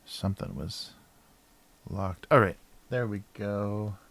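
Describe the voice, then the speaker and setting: A cartoonist talking casually to a livestream as he draws, often mumbling to himself and trailing off with soft laughs. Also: fairly low pitch, slow pace. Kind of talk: casual chat while drawing.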